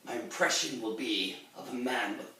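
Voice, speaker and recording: A man's voice: mid-range voice, expressive, moderate pace, bright, forceful tone, slight background noise. A man playing a theatrical pirate captain, delivering his lines in a hammy, swaggering way. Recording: very echoey room, distant mic.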